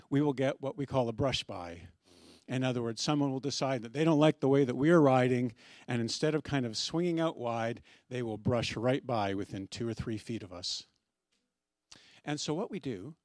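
A man's voice: mid-range voice, no echo. Middle-aged guy pastor giving a sermon, chatty storytelling, little jokes, dry close sound. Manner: conversational storytelling with gentle humor.

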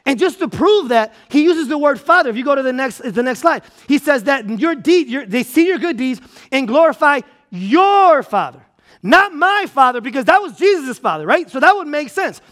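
A man's voice: extremely high pitch, normal speed. A man preaching a sermon with energy to a congregation, repeating and stressing his points. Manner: energetic, repetitive preaching with restarts and emphatic repeats. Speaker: pastor. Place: church auditorium.

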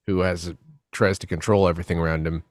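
A man's voice: deep voice, little pitch movement, fast talker. A man co-hosting a podcast in casual chat, musing and joking about. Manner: musing, puts on voices for laughs. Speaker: co-host.

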